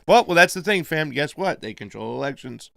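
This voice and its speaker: A man's voice: a little high, animated, brisk, creaky, bright, forceful tone, dry recording, clean studio sound. A man co-hosting casual political commentary, loose and slangy, swearing and reading out viewer messages. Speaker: co-host.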